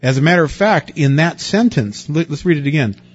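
A man's voice: fairly high pitch, animated, brisk, husky, highs cut off, soft background music. A man preaching a sermon in a conversational way, asking his listeners rhetorical questions and stressing words. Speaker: pastor.

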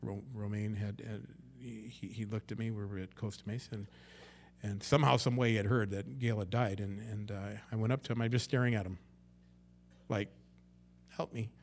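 A male pastor preaching a conversational sermon, swinging between loud emphasis and hushed asides, and acting out quotes in character voices. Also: on the low side, fairly even intonation, brisk, vocal fry, slight background noise.

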